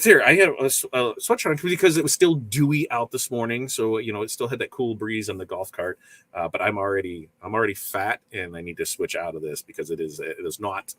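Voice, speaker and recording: A middle-aged man hosting a casual live morning show from a small print shop, energetic and upbeat, greeting viewers by name. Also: fairly low pitch, brisk, no room sound. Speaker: livestream host.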